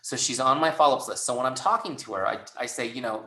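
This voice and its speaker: A man's voice: mid-range voice, fast, bright, forceful tone, echoey room. A man running a webinar training, talking casually and acting out both sides of conversations. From Southern California. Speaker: sales trainer.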